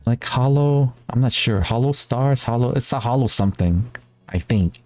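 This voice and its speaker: A man from the Philippines hosts a laid-back talk stream with a mellow voice. He rambles on in an animated way and often breaks into laughter. Faint music plays behind him. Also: medium pitch, moderate pace. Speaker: talk show host. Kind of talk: casual chat.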